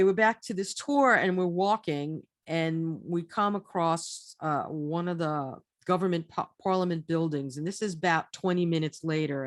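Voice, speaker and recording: A woman's voice: fairly low pitch, dry recording, studio quality. A woman telling a casual travel story, chatty and rambling, restarting her phrases often. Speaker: storyteller recounting a trip.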